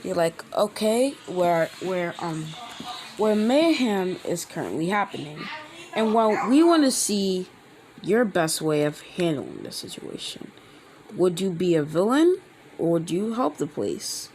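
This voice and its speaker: A man hosting his own channel, telling a fan-made story in a rambling, halting way with many restarts. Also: high voice, very animated, a little mellow, a little hiss or hum, poor audio. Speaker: channel host. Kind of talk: casual fan-fiction storytelling.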